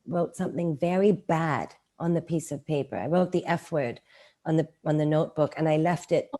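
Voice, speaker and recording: Middle-aged woman chatting about her life, low warm voice, acts out what people said. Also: normal speed. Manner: animated, acts out quoted lines with raised pitch. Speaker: guest. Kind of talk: casual personal storytelling.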